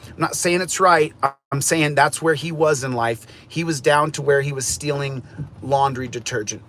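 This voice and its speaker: A man's voice: mid-range voice, moderate pace, fairly bright tone, slight background noise. Rambling, agitated man ranting on stream. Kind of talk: ranting livestream chat.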